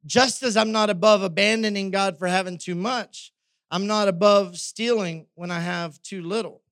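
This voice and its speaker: Brief: male pastor, conversational sermon, higher voice, dry close sound. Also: fairly even intonation, moderate pace, fairly bright tone, no room sound. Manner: conversational, frequent tag questions.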